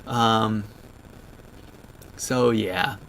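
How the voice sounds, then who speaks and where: A man in his thirties talking to viewers on a livestream, choked up and halting, with many restarts. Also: fairly low pitch, steady tone, gravelly, fairly bright tone, a little hiss or hum. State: choked up, near tears. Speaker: vlogger on a livestream. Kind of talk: emotional livestream chat.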